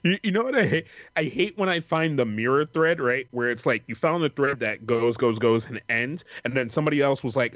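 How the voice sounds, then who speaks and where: A man co-hosting a casual podcast, loud and heavily profane, saying "bro" a lot. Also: mid-range voice, fairly quick, hardly any pauses, no echo, highs cut off. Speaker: podcast co-host.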